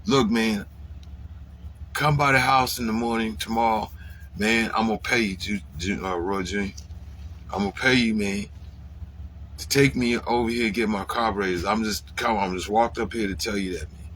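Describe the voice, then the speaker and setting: A man telling a personal story in casual, profane speech. He ends many phrases with "man" and acts out his own past lines in a louder, higher voice. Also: steady tone, moderate pace, slight background noise.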